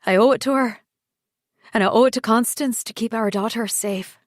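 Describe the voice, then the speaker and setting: A woman's voice: fairly high pitch, moderate pace, dry recording, clean studio sound, pitched above the performer's own voice, close to an everyday voice. Daniel, a torn pleading man, read by a woman. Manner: emotional, pleading, raised.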